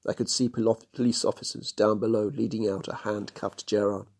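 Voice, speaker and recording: A man reads a storybook chapter aloud in a steady, measured way. His voice sits slightly low with a husky grain. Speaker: narrator. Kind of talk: storybook narration.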